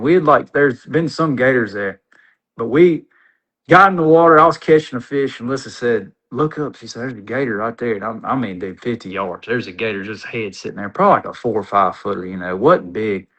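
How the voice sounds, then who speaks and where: A man, a podcast guest telling an animated, rambling, folksy story in casual conversation. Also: mid-range voice, low-quality recording.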